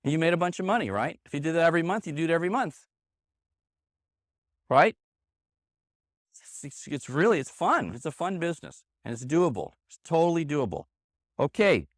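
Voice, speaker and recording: A man's voice: fairly high pitch, very animated, normal speed, long pauses, no echo, studio quality. A man teaching a live sales seminar to a room of trainees, punchy and emphatic, hammering key points again and again. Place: meeting room with an audience. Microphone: handheld microphone.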